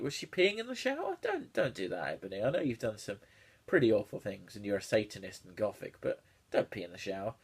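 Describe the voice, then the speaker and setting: A man's voice: fairly low pitch, big pitch swings, fairly quick, breathy edge. A man reading a bad fan fiction aloud with sardonic, sweary, laughing commentary. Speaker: YouTuber reviewing fan fiction. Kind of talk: comedic read-through commentary.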